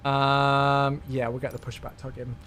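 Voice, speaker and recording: On his live stream, a British man in his thirties with a medium-pitched voice talks a little slowly, yet he is excitable and effusive in his casual thanks to viewers.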